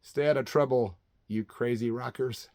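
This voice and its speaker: A man's voice: mid-range voice, moderate pace, slight background noise. A man in his late fifties, a channel host from Central Illinois, telling a story casually and animatedly, ending his sentences with "man". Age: 50s. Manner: animated, says "man" constantly.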